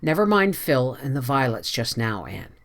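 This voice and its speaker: A reader voicing an earnest young man in an audiobook, speaking quietly and steadily. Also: medium pitch, big pitch swings, moderate pace, vocal fry. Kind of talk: audiobook character voice.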